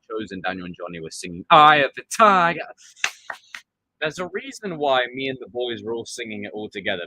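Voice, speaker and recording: Man, live stream host, animated pitch, bright forceful voice, dry close sound. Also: no echo. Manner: animated, excitable, acts out quotes. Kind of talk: casual live stream commentary.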